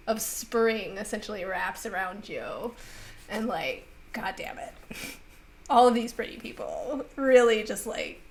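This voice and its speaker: Unhurried woman running a tabletop game. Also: fairly high pitch, poor audio. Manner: playful, unhurried storytelling. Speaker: game master.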